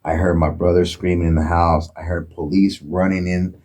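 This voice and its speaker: A man from Oakland, California, telling a profane, animated story as a guest in a casual interview. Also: low voice, normal speed. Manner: profane, animated retelling with acted quotes.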